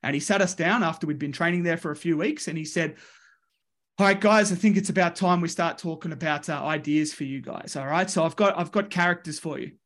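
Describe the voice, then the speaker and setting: Australian male wrestling coach, high voice, lively storyteller who does the voices. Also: quick pace, few pauses. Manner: lively, voices the people in his stories. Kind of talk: animated storytelling.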